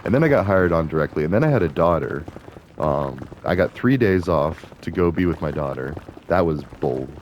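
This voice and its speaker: Young male gaming vlogger, low voice, indignant rambling rant between game moves. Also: expressive, normal speed, darkish tone, a little hiss or hum. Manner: ranting, indignant, digressive. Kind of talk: casual rambling commentary while gaming.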